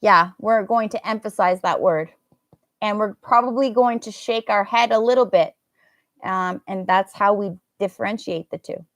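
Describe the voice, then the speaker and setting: A woman's voice: medium pitch, moderate pace, no echo, studio quality. A woman with an American accent teaching a live English lesson, enunciating words carefully and slipping into Indonesian phrases. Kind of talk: live online language lesson.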